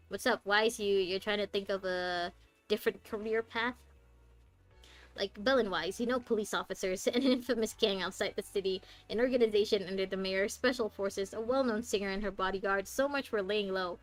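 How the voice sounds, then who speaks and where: A woman's voice: mid-range voice, normal speed. A young woman streaming a game, chatting in a joking, rambling way that often breaks off mid-sentence. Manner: chatty, joking, self-interrupting. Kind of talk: casual gaming commentary. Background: faint game music.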